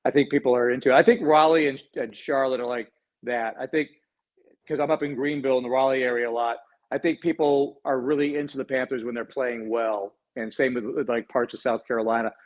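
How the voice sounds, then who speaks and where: A man hosting a sports radio show, trading quick, joking banter with his co-hosts. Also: mid-range voice, fairly even intonation, narrow, tinny audio. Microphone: studio microphone.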